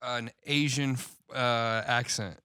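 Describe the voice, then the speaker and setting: A male podcast host from Indiana keeps the chat loose and joking and laughs often. His voice is bright and clear. It is recorded dry on a close mic. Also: medium pitch, steady tone, takes it slowly, dry recording. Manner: laid-back, jokey, lots of laughing and quoted voices. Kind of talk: casual chat.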